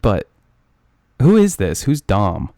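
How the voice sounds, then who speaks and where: A man's voice: lowish voice, huge pitch swings, slow pace, creaky, dark tone, dry recording, studio quality. A young man co-hosting a podcast, teasing his friend in profane, rambling casual banter full of fillers. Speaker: podcast co-host.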